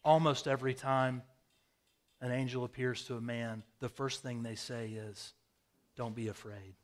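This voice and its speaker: A man preaching a sermon, telling vivid stories with sudden swings from loud bursts to quiet, hushed phrases. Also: mid-range voice, fairly even intonation, unhurried. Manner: storytelling, dramatic swings in loudness. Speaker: pastor. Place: rural home with a hayfield.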